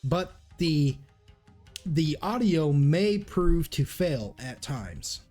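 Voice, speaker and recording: A man voicing a polite female magical messenger device that speaks slowly and formally. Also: a little high, expressive, a little mellow, faint music behind, full character voice.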